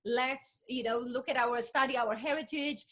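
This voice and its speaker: A woman's voice: high-pitched, steady tone, normal speed, a bit bright. A woman from Poland, hosting an enthusiastic casual chat over a video call and often repeating words of agreement. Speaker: host.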